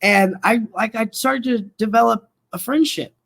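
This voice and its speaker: A middle-aged man from Colorado and Oklahoma, a mental health worker telling his story as an interview guest in a relaxed, rambling way, acting out quoted dialogue. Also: very high voice, moderate pace, creaky.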